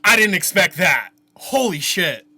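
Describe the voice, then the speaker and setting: Reaction host, male, excitable and profane, bright lively voice, unhurried delivery. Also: sits high, a little hiss or hum. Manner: excitable, swears a lot, laughs often; trails off and restarts when reflective. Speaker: music reaction video host. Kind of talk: casual music reaction commentary.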